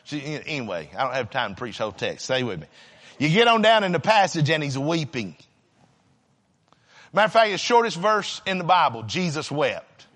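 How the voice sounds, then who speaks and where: A man preaches a sermon in a high, bright voice. He moves deliberately, then surges into shouts before dropping to hushed, almost whispered passages. A long reverb hangs around him, as in a large hall. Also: sing-song. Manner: dramatic, swinging between shouting and hushed near-whispers.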